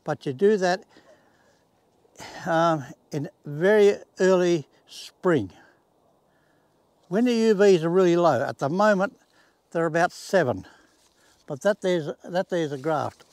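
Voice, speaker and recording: Old aussie bloke in his 80s showing off his garden, folksy plain talk, high voice, dry close sound. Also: lively intonation, slow, long pauses, darkish tone, no echo. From Australia. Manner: plain-spoken, folksy, uses rural sayings. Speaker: home gardener. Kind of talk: casual demonstration. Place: outdoors in a garden.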